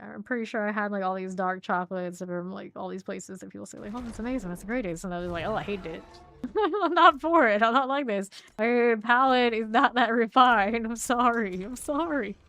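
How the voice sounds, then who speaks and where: A woman's voice: medium pitch, a bit bright, slight background noise. A young woman streaming a game, chatting casually with viewers, answering chat and laughing easily while she plays.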